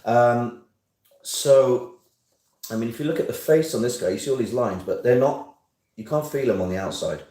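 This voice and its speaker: A man's voice: medium pitch, normal speed, warm tone. A man hosting a casual, jokey live stream from home, rambling and teasing his viewers. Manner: chatty, jokey, self-mocking. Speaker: host of a weekly live stream. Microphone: phone on a stand. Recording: roomy sound, phone some distance away.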